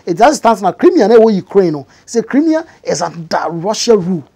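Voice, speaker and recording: Husky Ghanaian-accented woman explaining news. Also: mid-range voice, sing-song, fairly quick, warm tone. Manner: conversational with many fillers, rising emphatic stretches. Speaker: news commentator. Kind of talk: explanatory commentary mixing English and Twi.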